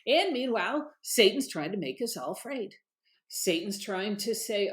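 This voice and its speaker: A middle-aged woman, a guest on an interview show, telling stories in an animated, emphatic way. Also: mid-range voice, moderate pace. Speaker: guest, author and former candidate. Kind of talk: conversational interview storytelling.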